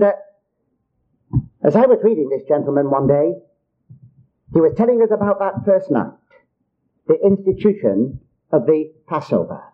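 High-voiced older preacher, lo-fi. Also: male voice. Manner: earnest, repetitive, addresses listeners as child of God. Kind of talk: sermon. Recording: dull lo-fi recording.

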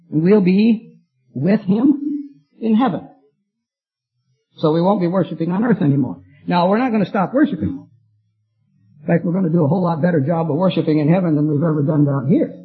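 A preacher with a high, very husky voice leads an evening Bible study, talking conversationally and quizzing his listeners. The sound is tinny and narrow like a phone line, with faint music underneath. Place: church meeting room.

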